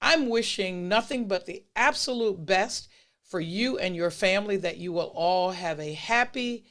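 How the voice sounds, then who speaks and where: A podcast host speaks straight to listeners with warm encouragement. The host sets out advice as numbered points at a steady, unhurried pace and repeats each key phrase to drive it home. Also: mid-range voice. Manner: steady, unhurried delivery with list-style points. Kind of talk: motivational holiday message to listeners.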